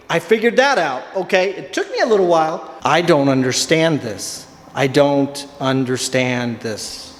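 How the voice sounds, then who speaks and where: A man who owns a laundromat, filming a casual vlog, ranting in exasperation with lots of rhetorical questions. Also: sits high. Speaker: laundromat owner and channel host. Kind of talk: casual talk-to-camera vlog. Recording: echoey, reverberant room.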